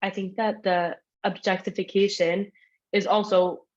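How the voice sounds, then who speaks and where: A woman's voice: mid-range voice, level tone, measured pace, muffled recording. A woman answering a question in a class discussion, hesitant and searching for words. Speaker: class participant.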